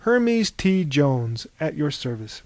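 A man voicing a deadpan, matter-of-fact male grave digger in a storybook reading. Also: on the high side, takes it slowly, no echo. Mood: stately.

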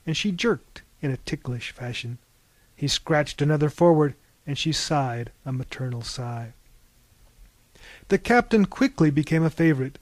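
Slow, measured male audiobook narrator. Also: on the high side, a little mellow, dry recording.

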